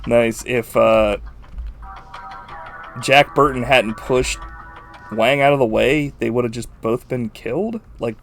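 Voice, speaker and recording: A man co-hosting a podcast in casual chat, animated, swearing freely and laughing often. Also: medium pitch, slow, creaky, long pauses, faint music behind. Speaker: podcast co-host. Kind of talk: casual chat about a film.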